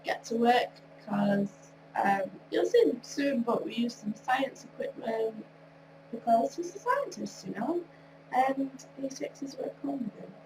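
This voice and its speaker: A woman's voice: on the high side, animated, unhurried. Nasal young-sounding woman, off-mic with hum. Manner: rambling, chatty, laughs often. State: recovering from a cold, tired. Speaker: video creator. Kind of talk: casual commentary over gameplay. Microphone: wrong mic, far from speaker. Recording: distant mic with clear hum.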